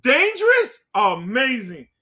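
A man in a casual podcast chat who gets excited and shouts often. His voice sits high and bright and swoops widely in pitch. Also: slow. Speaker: podcast co-host.

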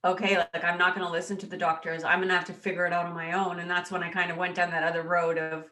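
A woman guest in an interview, speaking haltingly and choked up, with many restarts. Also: on the low side, little pitch movement, bright, forceful tone, echoey room. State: choked up with emotion. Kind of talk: emotional personal interview.

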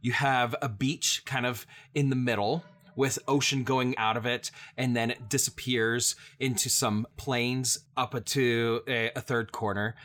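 Bright-voiced game master describing scenes. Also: male voice, medium pitch. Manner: loose, searching descriptions with hedges.

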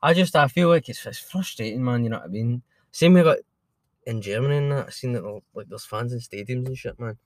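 A man's voice: mid-range voice, fairly quick, no room sound. A Scottish man co-hosting a casual football podcast, swearing constantly and ranting in exasperation. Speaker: podcast co-host.

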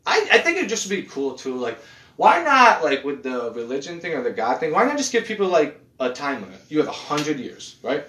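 A man chatting casually as a podcast host, animated and profane, often restarting his sentences. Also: a little high, a little fast. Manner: animated, swearing, restarts a lot. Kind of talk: casual chat. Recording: echoey room.

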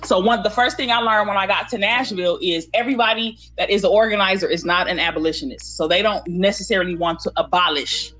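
A woman's voice: medium pitch, fast talker, hardly any pauses, faint music behind. Woman, community organizer, candid, cursing, casual talk. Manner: candid, animated storytelling with frequent cursing. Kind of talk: casual conversation.

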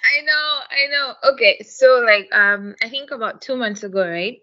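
A woman co-hosting a podcast tells a story in casual conversation, speaking frankly with plenty of profanity and a steady stream of "like" and "um." Her pitch is fairly high, her speed normal, and her tone pushed and bright, though the audio is dull.

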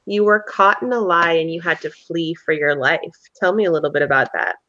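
A woman's voice: fairly low pitch, a little fast, sharp tone, dry recording, highs cut off. A woman running a tabletop roleplaying game as game master, prompting her players with friendly questions.

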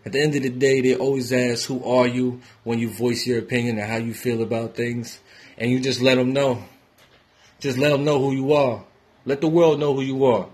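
A young man from New York rants casually and profanely, shifting between loud outbursts and low mutters. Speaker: independent musician giving sports opinions. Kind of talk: casual ranting monologue.

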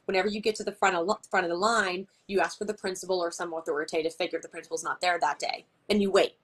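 A woman's voice: lowish voice, steady tone, quick pace, a bit bright. A woman guest in a casual interview, talking chattily with lots of "like" and acting out conversations she retells. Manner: chatty, peppered with "like", acts out quoted exchanges. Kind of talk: casual chat.

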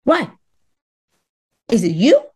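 A woman's voice: fairly high pitch, wildly swooping pitch, slow pace, a little mellow, breathy edge. A middle-aged woman from Los Angeles of Cuban background, a dating coach talking as a podcast guest, emphatic and repeating words as she acts out what people said. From Los Angeles, Cuban family. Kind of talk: podcast interview.

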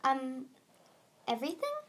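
Brief: hesitant bookish boy dragonet, played by a woman, stammering, raised pitch. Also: expressive, unhurried, a bit bright, slight background noise, full character voice. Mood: shy. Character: shy young male dragonet, bookish. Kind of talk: amateur audiobook reading.

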